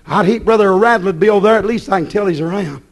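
A man preaching a sermon, folksy and scolding, swinging between shouts and low, hushed asides. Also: fast talker, gravelly.

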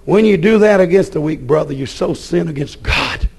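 A man preaching a fiery evening church sermon in a chanted, repetitive way with sudden shouted peaks. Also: fairly high pitch, moderate pace, creaky, husky.

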